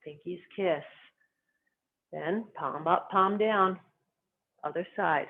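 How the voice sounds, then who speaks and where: A qigong instructor calmly guiding students step by step through slow movement and stretching exercises. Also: mid-range voice. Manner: calm, gently instructive, cueing each movement. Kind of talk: guided movement lesson. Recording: tinny phone-like sound.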